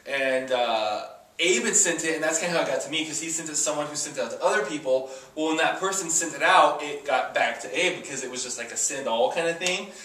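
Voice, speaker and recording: A man's voice: a little high, quick pace, bright, forceful tone. A man co-hosting a casual chat show, telling long stories full of fillers. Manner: rambling, filler-heavy storytelling. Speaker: podcast co-host. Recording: echoey room, mic at a distance.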